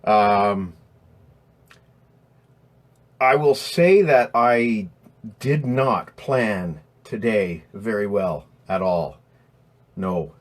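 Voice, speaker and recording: A man's voice: on the low side, very slow, long pauses. A man hosting a casual live stream, rambling and swearing as he reads out chat names, his throat strained from voiceover work.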